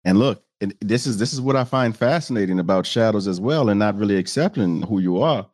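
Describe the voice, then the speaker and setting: Male host, lowish voice, reflective, dry close recording. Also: brisk, a little mellow, no echo. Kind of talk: casual chat.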